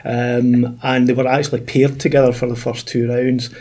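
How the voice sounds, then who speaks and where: A man's voice: medium pitch, level tone, normal speed, warm tone. A Scottish man, a golf expert on a podcast, chatting casually and telling stories with lots of fillers. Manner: chatty storyteller, many fillers.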